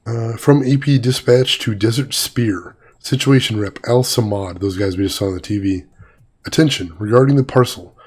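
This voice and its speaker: A husky man with a mid-range, darkish voice talks at normal speed while hosting a let's-play. Though his voice is a bit weak, he keeps up casual commentary, joking, chatting and reading game text aloud.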